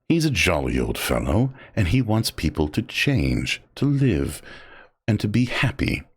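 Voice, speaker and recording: Lively, rambling male streamer. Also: slow, breathy edge. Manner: animated, rambling, leaps into high voices for silly bits. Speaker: streamer building model kits. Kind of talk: casual livestream chat.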